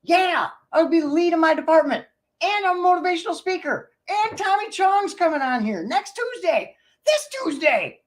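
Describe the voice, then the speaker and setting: A man hosting his own livestream, talking excitedly and rambling to his viewers. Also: very high-pitched, normal speed, low-quality recording. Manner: hyped and pumped, loosely rambling, addresses viewers directly. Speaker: livestream host.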